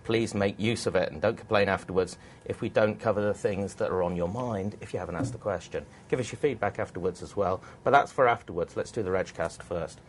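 A man's voice: on the low side, brisk, a little hiss or hum. A man hosting a tech webcast in a studio, teasing his guests and rambling with restarts. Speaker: webcast host.

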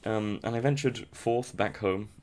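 Low-voiced man rambling over gameplay. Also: unhurried, a little mellow. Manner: rambling, self-mocking, chuckles often. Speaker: gameplay commentator. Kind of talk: casual post-recorded game commentary.

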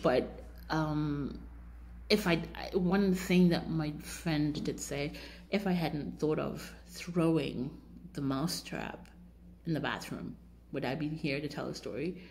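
A woman telling a frightening personal story in a casual vlog, still shaken, laughing nervously and jumping up high when she quotes others. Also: slow pace, gravelly, a little hiss or hum. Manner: shaken, animated, jumps up high when quoting people.

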